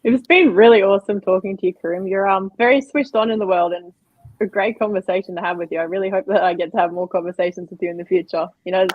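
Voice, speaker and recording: A woman's voice: mid-range voice, steady tone, fast talker, no echo. Australian woman, stream host, rambling fillers, lo-fi dry audio. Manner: warm, grateful, rambling with fillers. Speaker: livestream host. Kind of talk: casual interview chat.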